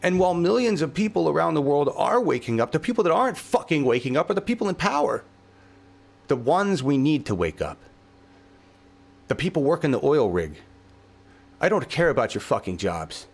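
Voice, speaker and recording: A man's voice: fairly high pitch, very animated, normal speed, vocal fry. A male show host delivering a heated political podcast rant, swearing heavily, fervent and exasperated.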